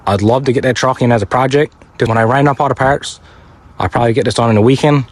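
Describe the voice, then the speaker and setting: A man's voice: medium pitch, fairly even intonation, fast, low-quality recording. A man with a Newfoundland accent chatting casually in a vlog about flipping cars, plain-spoken with dry humour. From Newfoundland, Canada. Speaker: car-flipping YouTuber.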